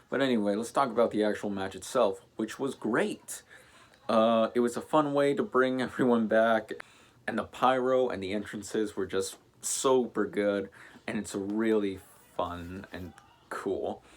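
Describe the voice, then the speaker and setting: Rambling male host, lowish voice. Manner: rambling, self-correcting, many fillers. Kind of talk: casual wrestling show review.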